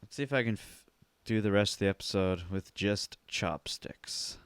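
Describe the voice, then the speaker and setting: Man, podcast host, profane, joking, bright crisp voice, dry close mic. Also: on the low side, normal speed, dry recording. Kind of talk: casual solo podcast chat. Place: home basement. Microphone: headphones and studio mic.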